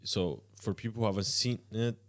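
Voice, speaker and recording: Quick-talking young man, lower voice. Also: steady tone. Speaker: podcast host. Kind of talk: casual chat.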